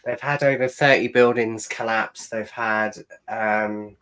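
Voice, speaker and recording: A man's voice: lowish voice, fairly even intonation, slow pace, few pauses, fairly bright tone, clean tone. A man chatting as a guest on a casual livestream, passing on news in a matter-of-fact way. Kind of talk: casual group livestream chat. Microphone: video call.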